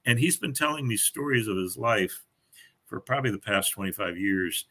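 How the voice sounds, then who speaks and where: A man's voice: lowish voice, animated, moderate pace, pushed and bright. An older man, a guest author, chatting casually and telling stories with frequent laughter. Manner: chatty storyteller, laughs often. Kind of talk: casual chat.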